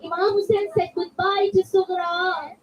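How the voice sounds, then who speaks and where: Brief: woman storyteller for kids, high, lively voice, slightly distant, dull mic with faint hall noise. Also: unhurried. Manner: expressive, addresses the children directly. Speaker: children's religious storyteller. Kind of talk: storytelling for children at a religious gathering. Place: community center hall.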